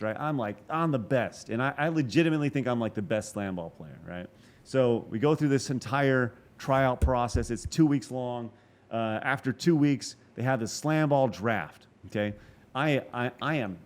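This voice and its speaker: A man in his forties telling a long story as a podcast guest, animated and profane, with quick asides and restarts. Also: medium pitch. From Texas. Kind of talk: casual storytelling interview.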